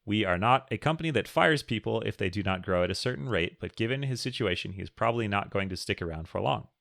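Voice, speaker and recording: Gravelly low-voiced male podcast co-host. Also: lively intonation, fast talker, a bit bright, no echo, studio quality. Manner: reads listener questions aloud, jokey. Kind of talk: casual podcast chat.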